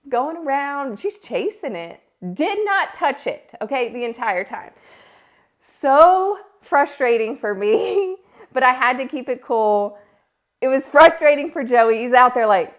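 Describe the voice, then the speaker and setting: A woman in her thirties hosting a podcast, telling a personal story in a casual, animated way. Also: sits high, measured pace. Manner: animated, acts out her own yelling and quotes. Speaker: podcast host.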